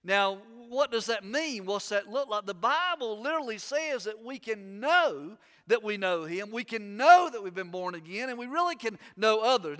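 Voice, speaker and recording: A man's voice: sits high, animated, moderate pace, hardly any pauses, fairly bright tone, clean tone, big-room sound. A middle-aged pastor, a man, preaching an emphatic, fervent sermon with much repetition in a church. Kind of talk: sermon with opening prayer. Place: church sanctuary.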